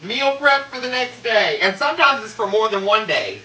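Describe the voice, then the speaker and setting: A man's voice: sits high, very animated, moderate pace, sharp tone, poor audio. A man from South Carolina with a Southern accent, hosting a casual cooking live stream and greeting viewers in a sassy, playful way. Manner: sassy, playful, drawls greetings, hums little sound effects.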